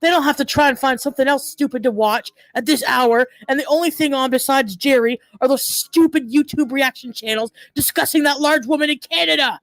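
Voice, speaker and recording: A high-pitched, entitled customer in a cartoon parody airs her complaint in a prim, fussy, overly formal way, as a woman acts her out. The sound is close and dry. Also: a little fast, hardly any pauses, no room sound, low-quality recording. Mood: indignant.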